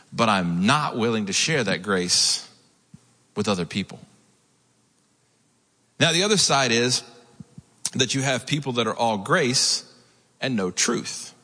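A man preaching a sermon, telling the story with lively asides and acted-out quotes. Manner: storytelling, acts out quotes with rising pitch. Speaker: pastor. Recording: long hall reverb.

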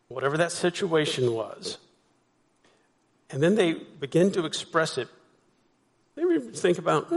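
A higher-voiced male pastor gives a sermon in a reverberant hall. His preaching is conversational and uses rhetorical questions.

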